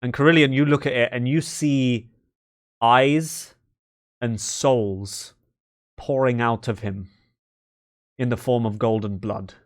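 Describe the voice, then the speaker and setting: A man's voice: medium pitch, fairly even intonation, slow pace, pauses often. A young man narrating a tabletop game as dungeon master, loose and full of fillers. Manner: loose, with many fillers and restarts.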